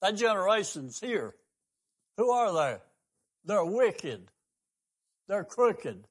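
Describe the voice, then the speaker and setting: An older man with a drawl delivers a radio sermon. His fairly high voice climbs on emphatic, repeated questions, and he talks in the fervent manner of a country preacher. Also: sing-song, slow, breathy edge. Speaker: pastor and radio host.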